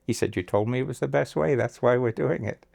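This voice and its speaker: A man's voice: mid-range voice, brisk, gravelly, darkish tone. An older man telling stories in an interview, acting out the lines of the people in them. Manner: anecdotal, acts out quoted dialogue. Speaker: interviewee, agency founder. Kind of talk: storytelling interview.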